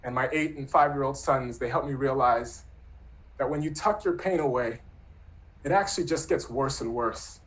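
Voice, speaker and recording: A man in his thirties telling a true personal story in an earnest, reflective, softly spoken way. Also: mid-range voice, moderate pace, rough recording.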